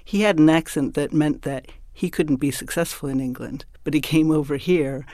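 A man's voice: on the high side, moderate pace, dark tone, no room sound, studio quality. A man answering interview questions thoughtfully, explaining with frequent restarts and asides. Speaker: linguist guest.

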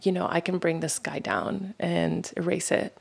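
Woman, artist, low gravelly voice, casual, expressive. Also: normal speed. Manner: expressive, casual, says "like" often. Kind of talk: interview clip.

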